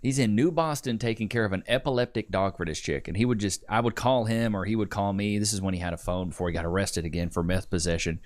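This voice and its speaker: A man's voice: fairly low pitch, fast, hardly any pauses. A man hosting a livestream podcast, telling a family story casually, doing voices and talking to the chat. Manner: animated storyteller who does voices and jokes with the chat. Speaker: podcast host.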